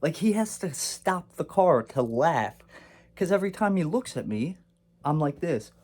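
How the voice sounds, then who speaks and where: Young guy telling a story from his life, warm mellow voice, acts out the quotes. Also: a little high, unhurried. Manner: animated, acts out quotes of himself and his brother. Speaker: podcaster telling a personal story. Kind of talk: casual storytelling.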